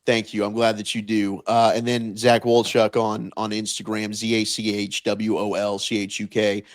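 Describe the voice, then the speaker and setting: Chatty American sports radio guest. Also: male voice, fairly low pitch, little pitch movement, moderate pace, no room sound. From United States. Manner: talkative, frequent restarts and fillers. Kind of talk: casual sports chat.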